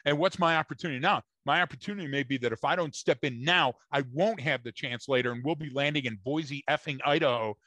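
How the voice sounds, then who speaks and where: A man's voice: fairly high pitch, fast talker, hardly any pauses, bright, forceful tone, dry recording. Emphatic male podcast co-host, dry sound. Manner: emphatic, lecturing, addresses listeners directly. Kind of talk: casual podcast discussion.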